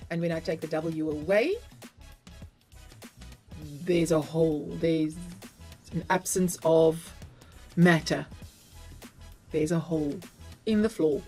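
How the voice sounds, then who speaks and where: With a low-sitting, darkish voice, a middle-aged South African English teacher patiently explains spelling to learners, spelling each word out letter by letter.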